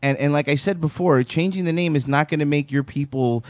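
A man's voice: on the high side, fairly quick, no echo. A man co-hosting a comedy radio show, brash and profane, mocking the news. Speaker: radio co-host. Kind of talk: crude comedic radio banter.

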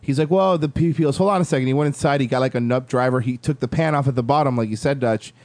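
A man telling a story in casual chat, animated and swearing, acting out the lines of the people in it. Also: mid-range voice, rapid-fire, no room sound. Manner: animated, swearing, acts out quotes.

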